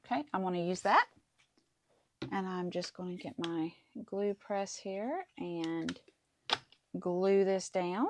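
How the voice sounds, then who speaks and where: A woman's voice: lowish voice, slow, pauses often, a little hiss or hum. A middle-aged woman hosting a casual craft tutorial, chatting to viewers as she works through each step. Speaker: crafting channel host.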